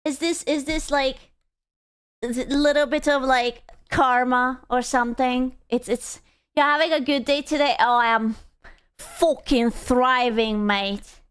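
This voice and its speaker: A woman's voice: high voice, moderate pace, smooth. A woman streamer chatting casually with her viewers, dramatic and self-deprecating, swearing freely.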